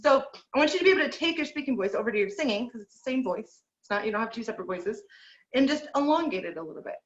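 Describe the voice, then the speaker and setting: Upbeat voice teacher on a video call. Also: female voice, a little high, lively intonation, racing, roomy sound, highs cut off. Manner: encouraging, counts and sings number drills. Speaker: vocal teacher. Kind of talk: online group singing lesson.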